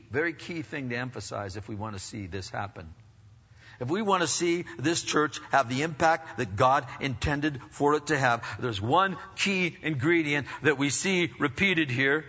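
A man preaching a sermon as pastor, energetic and emphatic, with many restarts and questions to his congregation. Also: medium pitch. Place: church sanctuary. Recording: dull reverberant church hall recording.

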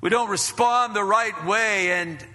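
Male preacher, slow and deliberate, bright forceful tone, long hall reverb, storytelling sermon with emphatic rises. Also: high-pitched.

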